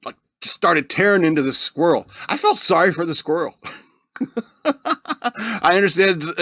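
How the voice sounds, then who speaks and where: Here the podcast host sounds fairly high-pitched and a bit bright, captured in studio quality with no room sound. His monologue is loose and comedic, full of laughter, and he mocks the people he quotes with put-on voices.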